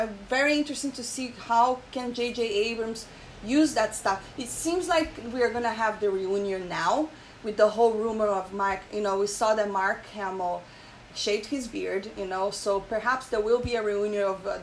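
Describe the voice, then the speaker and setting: A woman hosting her own channel, chatting emotionally in casual commentary with many fillers, pausing to read an article aloud. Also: mid-range voice, slight background noise, low-quality recording. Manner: emotional, frequent fillers and repeated "okay?". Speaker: channel host.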